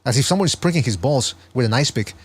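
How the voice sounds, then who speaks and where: A man's voice: mid-range voice, expressive, quick pace, breathy edge. A man hosting a podcast, commenting on a sparring clip with wry, rambling asides. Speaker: podcast host.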